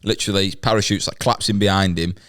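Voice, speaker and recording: A man's voice: deep voice, steady tone, quick pace, fairly bright tone, clear, resonant tone. A man hosting a podcast who builds a comedy bit in loose, rambling, hesitant chat.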